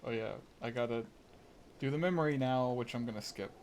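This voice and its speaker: A man talking through a modded game on a live stream, loose and rambling, with plenty of "like" and restarts. His voice sits at an ordinary middle pitch, and a faint hiss lies underneath. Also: fairly quick, a little mellow. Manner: rambling, chatty, many fillers and restarts. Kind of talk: casual live gameplay commentary.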